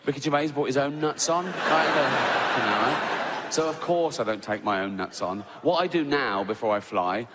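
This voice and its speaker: In a mid-range voice, a middle-aged English man performs stand-up in a large theatre, telling a story full of sarcastic, mock-outraged asides and exaggerated quoted voices. It's a live hall recording with heavy background noise and audience laughter.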